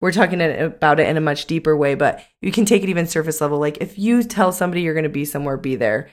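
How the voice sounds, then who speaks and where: A woman's voice: low voice, rapid-fire. A young adult woman co-hosting a casual podcast chat as a coach, talking in a chatty way with many "like" fillers.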